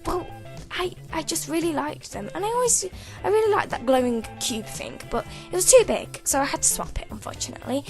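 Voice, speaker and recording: High-voiced, rambling British woman. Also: animated, a little fast, faint music behind. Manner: rambling, self-interrupting, giggly. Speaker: game builder vlogger. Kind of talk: casual gameplay commentary. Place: at home at a computer.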